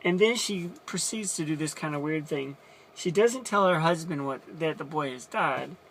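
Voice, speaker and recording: Man, chatty Bible lesson, forceful bright tone, faint background hiss. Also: fairly high pitch, animated, moderate pace. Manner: chatty, restarts and explains as he goes. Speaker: Bible teacher. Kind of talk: casual Bible story retelling.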